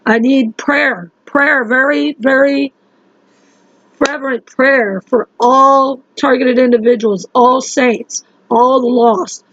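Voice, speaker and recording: Woman vlogger, rambling and urgent, higher voice, dry lo-fi phone sound. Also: fairly even intonation, slow pace, fairly bright tone, no echo. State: sleep-deprived. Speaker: religious vlogger. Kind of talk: casual monologue to camera.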